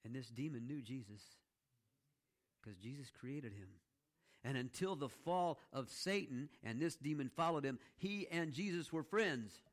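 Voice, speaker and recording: A man delivers a sermon in a loose, conversational way, as if teaching a small group rather than orating. He keeps asking "okay?" and "all right?" to pull listeners along. He drops playful asides into the story, with a voice sitting at a typical middle pitch. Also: lively intonation, measured pace. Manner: conversational teaching with frequent "okay?" check-ins. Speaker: pastor.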